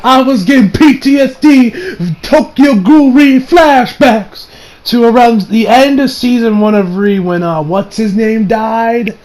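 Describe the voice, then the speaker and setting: A young man casually reviewing an anime episode, excitable, cursing a lot and restarting his sentences. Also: extremely high pitch, a little slow. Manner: excitable, swears often, many fillers and restarts.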